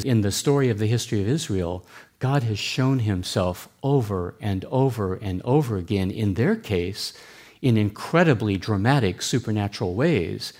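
A man giving a sermon in a church, speaking. His delivery is earnest and deliberate, plain and explanatory. His voice sits fairly low. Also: a little mellow. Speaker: pastor.

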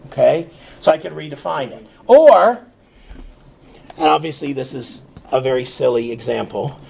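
A man teaching programming in a relaxed, screen-recorded lecture, thinking aloud with fillers and checking in with "okay?". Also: medium pitch, moderate pace, vocal fry, husky. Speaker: programming instructor.

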